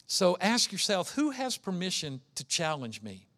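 A man's voice: sits high, wildly swooping pitch, normal speed, a bit bright. A man preaching an earnest sermon as pastor, acting out the voices he quotes.

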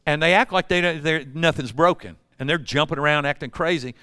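A man's voice: fairly high pitch, brisk, bright, forceful tone, clear, resonant tone, dry recording, studio quality. An older man preaching a sermon, telling folksy stories and acting out voices. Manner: folksy storytelling with acted-out voices. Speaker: pastor.

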